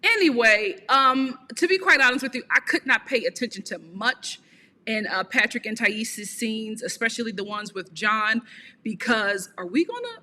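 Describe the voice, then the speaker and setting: A woman's voice: a little high, expressive, normal speed, bright, forceful tone, big-room sound, a little hiss or hum. A woman giving a blunt, sassy live review of a reality TV show, often laughing.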